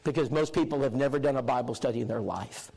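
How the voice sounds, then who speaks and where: A man's voice: medium pitch, quick pace, creaky, a little mellow, breathy edge, rough recording. A male preacher telling a story to his congregation, acting out the dialogue. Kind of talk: storytelling sermon lesson. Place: church, addressing a congregation.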